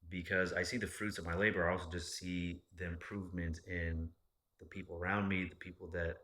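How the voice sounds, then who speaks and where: Male podcast host, deep and forceful, casual and profane, rambling. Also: little pitch movement, a little fast. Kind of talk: casual chat.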